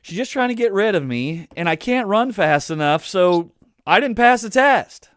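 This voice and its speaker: A man's voice: high voice, very animated, moderate pace, fairly bright tone, smooth, no room sound, studio quality. A man hosting an interview, adding short agreements and jokey comments to his guest's story. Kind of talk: casual interview chat.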